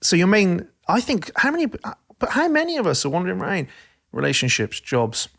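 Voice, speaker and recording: A man hosting a podcast in casual chat, talking in an animated, passionate way. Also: high voice, fairly quick, gravelly. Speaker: podcast host.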